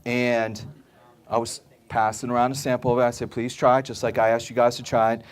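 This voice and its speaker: A man's voice: medium pitch, flat delivery, brisk, clear, resonant tone. A man giving a live sales talk to an audience about supplements, emphatic and repetitive, often checking in with "okay?" and acting out customers' reactions in his stories. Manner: emphatic, repeats points, keeps asking "okay?"; acts out customers' voices in anecdotes. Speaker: supplement store speaker.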